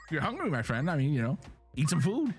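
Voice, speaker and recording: A man's voice: fairly high pitch, fast talker, soft background music. A man streaming a game live, chatting casually and jokingly straight to his viewers. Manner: animated, joking, talks straight to chat.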